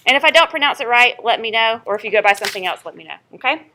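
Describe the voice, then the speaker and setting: Bright upbeat Southern woman teaching. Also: a little high, animated, rapid-fire, a little hiss or hum. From North Carolina. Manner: upbeat, chatty, checks in with "okay?". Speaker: college professor. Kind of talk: first-day class introduction and roll call. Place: classroom.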